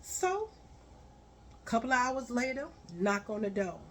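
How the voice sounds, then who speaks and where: A woman telling a story on a vlog, blunt and profane, building to loud, forceful rants. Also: fairly high pitch, big pitch swings, measured pace, slight background noise.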